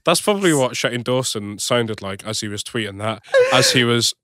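A man's voice: medium pitch, big pitch swings, moderate pace, background noise. A man as a podcast guest, joking cheekily, laughing and swearing in casual banter. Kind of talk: casual chat.

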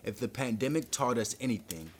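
A man reading aloud, voicing a female professor who calmly declaims to a crowd. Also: medium pitch, a little fast, a little hiss or hum, close to an everyday voice. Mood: grave. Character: cold female professor giving a speech.

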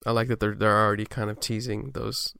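A man's voice: on the low side, little pitch movement, fast talker, gravelly, sharp tone, smooth. A man co-hosting a podcast, analyzing a TV episode's themes in a thoughtful, hedging way with many restarts. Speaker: podcast co-host. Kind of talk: casual analysis chat.

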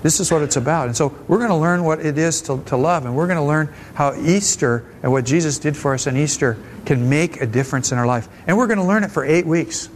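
A man's voice: on the high side, a little fast, hardly any pauses, slight background noise. A man preaching a conversational, folksy sermon at a church service, often restarting his phrases. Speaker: pastor.

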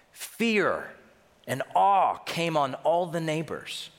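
Man, pastor, sermon, emphatic, slightly high voice, long hall reverb. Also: fairly bright tone. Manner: emphatic, with rhetorical questions.

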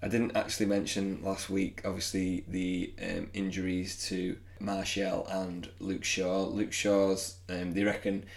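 A man rambles through a casual football chat, laughing at himself as he goes. His voice is low and gravelly. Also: monotone, measured pace, few pauses. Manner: rambling, self-mocking, laughs often. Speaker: podcast co-host.

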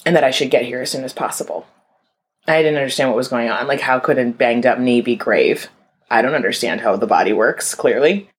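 A woman's voice: rumbling low, fairly quick. A young adult woman telling a personal story in a candid, conversational way, full of "like" and calling listeners y'all. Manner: candid, conversational, frequent "like" fillers.

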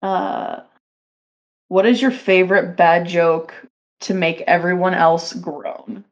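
Slow-talking, low-voiced woman co-host. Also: steady tone, highs cut off. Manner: laughs easily, unhurried, playful. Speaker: podcast co-host. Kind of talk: casual chat.

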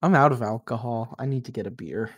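A man's voice: medium pitch, fast, slightly rough. A man chatting casually with friends on a podcast, easygoing and brief. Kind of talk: casual chat among friends.

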